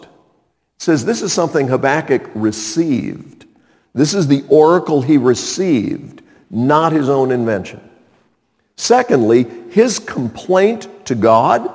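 A man's voice: mid-range voice, a little mellow, long reverb tail. A man preaching a sermon, reading scripture dramatically and acting out prayers and God's replies. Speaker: pastor.

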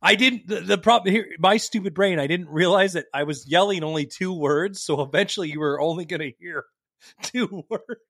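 A man co-hosting a podcast in casual chat, excitable and cursing freely, his pitch jumping when he gets worked up. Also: normal speed, vocal fry, dry recording, clean studio sound. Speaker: podcast co-host.

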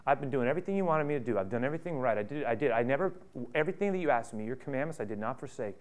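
A man's voice: mid-range voice, lively intonation, racing, lightly acted. A man doing a bitter resentful older brother. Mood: indignant. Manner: indignant, rising to loud outbursts.

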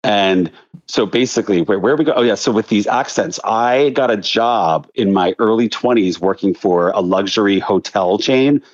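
A man in his thirties from outside Philadelphia, a podcast guest telling animated stories with lots of fillers. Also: on the low side, normal speed. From outside Philadelphia, Delaware County. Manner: chatty, animated storytelling with many fillers. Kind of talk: casual podcast chat. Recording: slightly dull, lo-fi sound.

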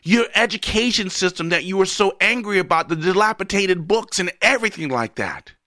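A man giving a sarcastic political commentary monologue, animated and at times shouting at the listener. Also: high voice, fairly quick, no room sound, clean studio sound.

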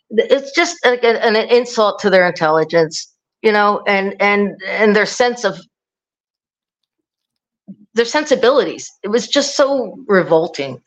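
A woman's voice: mid-range voice, a little slow, pauses often. Middle-aged woman, podcast guest, rambling storytelling, slightly dull sound. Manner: rambling, many restarts, animated quoting. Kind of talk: casual storytelling.

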